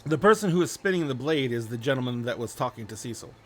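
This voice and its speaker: Here is a male game master who narrates a tabletop role-playing game in a loose, rambling style. He keeps doubling back and reworking his sentences. His voice sits at an ordinary, middle pitch. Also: animated, fast talker, heavy background noise. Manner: loose, rambling storytelling with fillers and restarts.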